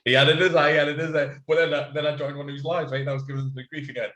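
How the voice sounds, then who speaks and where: A man's voice: fairly high pitch, little pitch movement, rapid-fire, sharp tone. A man, co-hosting a podcast, chatting casually over beers with rambling, laughing banter. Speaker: podcast co-host. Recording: echoey room.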